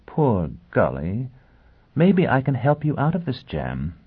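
A man voicing a bitter, proud young woman in an audiobook, speaking in a low, cutting, scornful way. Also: huge pitch swings, takes it slowly, breathy edge, heavily acted. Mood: taunting. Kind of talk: audiobook character voice. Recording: tinny phone-like sound.

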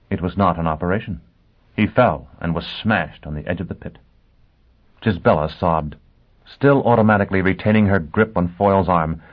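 A man narrating a story in a measured, dramatic way. His voice sits fairly low. The sound is thin and tinny, like a phone line. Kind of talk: audiobook narration.

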